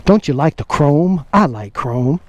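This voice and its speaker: Man mimicking a fellow biker vlogger, slow drawn-out greeting, lower than usual. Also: lively intonation, darkish tone. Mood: playful. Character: fellow motorcycle vlogger, male, upbeat greeter.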